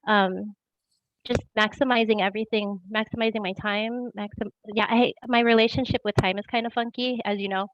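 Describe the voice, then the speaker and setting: A woman's voice: medium pitch, fairly even intonation, fairly quick. A new team member, a woman, sharing her thoughts casually on a video call and laughing often. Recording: dry, muffled call audio.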